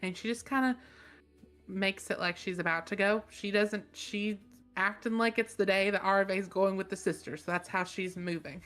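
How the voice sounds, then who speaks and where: A woman's voice: mid-range voice, normal speed, fairly bright tone, faint music behind. A woman playing a tabletop game, loosely describing her character's actions. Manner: loose, rambling narration. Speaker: player.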